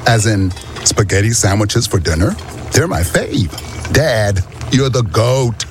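An actor playing a goofy dad in an ad, delivering his lines slowly and hammily. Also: lowish voice, expressive, soft background music. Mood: playful. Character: goofy dad praising food.

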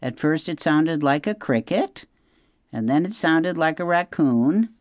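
A storyteller voicing an excitable male owl who screeches and shrills in a children's storybook read-aloud. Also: unhurried, no room sound, studio quality, natural voice. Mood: uneasy. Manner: screechy, rising to high cries.

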